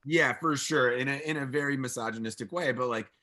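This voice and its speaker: A man co-hosting a casual film podcast, talking haltingly and searching for words. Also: mid-range voice, pushed and bright. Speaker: podcast co-host.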